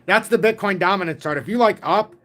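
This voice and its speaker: A man in his forties hosting a casual livestream about crypto charts, talking in an excitable, rambling way from home. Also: high-pitched, fairly quick. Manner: rambling, excitable, self-taught trader talk.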